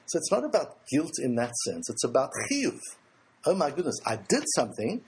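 A man's voice: medium pitch, wildly swooping pitch, brisk, gravelly, a little hiss or hum. A man teaching a religious lecture to a group, asking rhetorical questions and answering them himself, earnest and emphatic.

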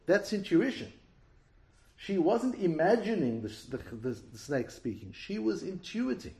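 Gravelly man teaching a Torah class. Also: medium pitch, warm tone. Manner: asks rhetorical questions, repeats words when restarting. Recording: roomy echo.

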